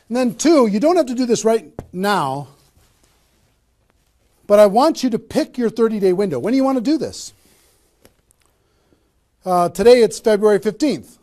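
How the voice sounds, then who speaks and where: A man's voice: high-pitched, dark tone. A middle-aged man giving a motivational training talk on network marketing, emphatic, with rhetorical questions and punchy repetition.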